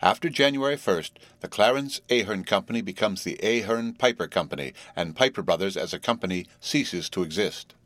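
A man's voice: on the low side, brisk, few pauses, a bit bright, no echo, close to an everyday voice. Man doing a hearty, tipsy businessman. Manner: hearty, coaxing, obstinate. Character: jovial middle-aged businessman, tipsy and pushy.

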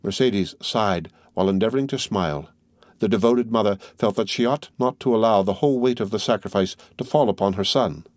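A man with a low voice narrates a classic novel in a measured, even way. The recording is close and dry, with no room sound. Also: dry recording. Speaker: audiobook narrator.

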